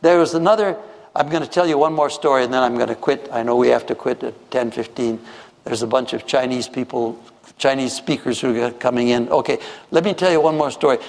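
Animated preacher man in an echoey hall. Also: mid-range voice, fairly quick, creaky. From Minnesota. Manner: animated, acts out voices in his stories, many restarts. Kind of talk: storytelling sermon.

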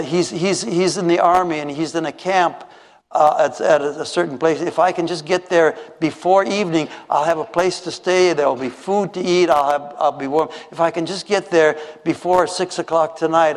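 A man from Minnesota preaching a storytelling sermon, acting out the voices of the people in his stories, with many restarts. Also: on the high side. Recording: echoey hall.

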